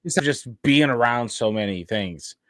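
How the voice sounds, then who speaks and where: A man's voice: medium pitch, lively intonation, normal speed, fairly bright tone, dry recording. An American man co-hosting a reaction video, easygoing and agreeable with slangy talk. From United States. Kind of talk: casual reaction chat.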